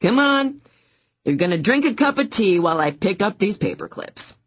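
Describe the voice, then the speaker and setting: A woman voicing an easygoing older brother who teases his sister gently in an audiobook. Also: mid-range voice, normal speed, slightly rough, no echo, pitched above the performer's own voice. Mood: teasing. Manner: teasing, relaxed.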